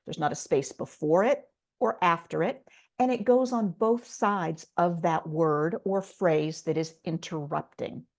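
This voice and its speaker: A woman's voice: lowish voice, a little slow. A middle-aged woman teaching a writing lesson online, explaining step by step in a patient way with a few fillers. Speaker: writing instructor.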